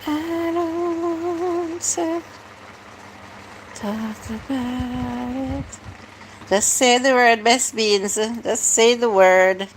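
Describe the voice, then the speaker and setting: A woman's voice: a little high, little pitch movement, very slow, a little hiss or hum. A woman hosting a live stream, chatting casually and answering her viewers' comments one by one.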